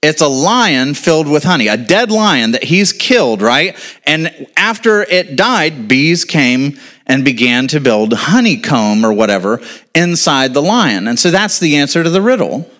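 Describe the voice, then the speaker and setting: A male pastor with a fairly high, slightly bright voice and lively intonation preaches a sermon to his congregation at a slightly slow pace. His style is informal, with casual asides, and he quizzes his listeners before answering his own questions.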